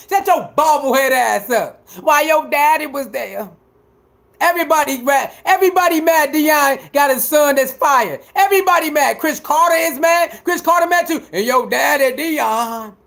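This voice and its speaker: A man's voice: very high-pitched, expressive, moderate pace, gravelly, fairly bright tone. A man delivering a heated, profane sports commentary rant, repeating himself and mocking his critics.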